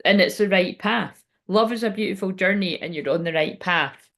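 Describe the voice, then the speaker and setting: A woman's voice: mid-range voice, moderate pace, a bit bright. Rambling woman giving a tarot reading. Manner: rambling, swears freely, digresses. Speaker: tarot reader.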